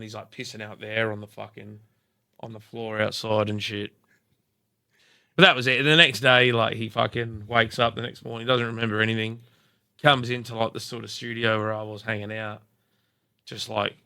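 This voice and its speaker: A young Australian man tells a story on a podcast in a loose, sweary style full of fillers. His voice is bright and forceful. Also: mid-range voice, vocal fry, smooth. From Perth, Australia. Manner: swears freely, lots of filler likes, animated retelling. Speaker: podcast guest, rapper. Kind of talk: casual storytelling.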